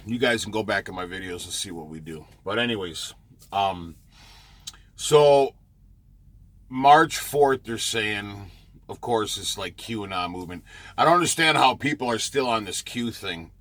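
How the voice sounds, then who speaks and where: A man's voice: fairly low pitch, expressive, unhurried, pauses often, a bit bright. A man who drives a truck, chatting casually in a rambling vlog with many fillers and restarts, parked near a truck stop.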